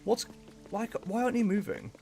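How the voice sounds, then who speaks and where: A man's voice: high-pitched, brisk, gravelly, slightly rough, faint music behind. A man chatting casually and animatedly while streaming a game, talking to his viewers and to the game's characters. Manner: chatty, animated, laughs often, talks to chat and game characters. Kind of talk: casual livestream chat.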